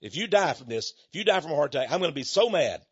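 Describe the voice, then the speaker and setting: A worried wife scolds insistently, as an older man imitates her in his own husky voice. The pitch stays lively. The recording sounds dull and lo-fi. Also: very fast, dry recording. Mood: scolding.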